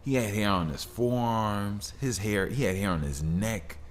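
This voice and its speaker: A man with a voice on the low side hosts a casual solo podcast, speaking a little slowly. His monologue is rambling and laid-back, full of fillers and restarts.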